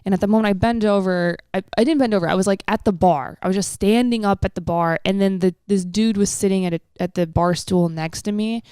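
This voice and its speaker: A woman hosting a podcast in casual chat. She tells stories in an animated way, full of swearing and slang, on a close studio mic. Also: medium pitch, brisk, hardly any pauses, clean tone, no echo. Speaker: podcast host.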